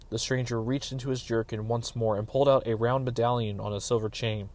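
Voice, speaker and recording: A man reading a fantasy novel aloud as narrator, in a measured, even storytelling voice. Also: mid-range voice. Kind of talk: dramatic audiobook reading.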